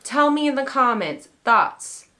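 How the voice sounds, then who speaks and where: Woman book vlogger, chatty and playful, rambles with ums and excited asides. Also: sits high, measured pace. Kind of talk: casual chat to camera.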